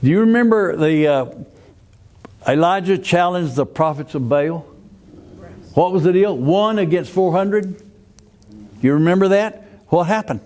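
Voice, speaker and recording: A man's voice: high-pitched, expressive, unhurried, long pauses, darkish tone. An older man teaching a Sunday school Bible class in a folksy way, often asking the class questions and restarting his phrases.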